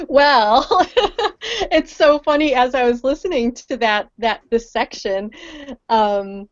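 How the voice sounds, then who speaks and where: A woman's voice: fairly high pitch, fairly even intonation, measured pace, no echo, highs cut off. A woman chatting casually as a guest on a call, rambling and laughing often.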